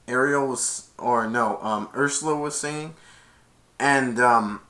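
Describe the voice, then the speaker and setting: Casting: male reviewer, bright tone, rambling plot recap with self-corrections. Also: mid-range voice, slow. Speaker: movie reviewer. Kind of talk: casual movie recap.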